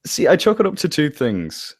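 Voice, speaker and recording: A man's voice: on the high side, huge pitch swings, normal speed, slightly rough. A man with a northwest English accent, a guest chatting casually in an interview, rambling a little and correcting himself as he goes. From England. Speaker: interview guest, story narrator. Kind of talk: casual chat.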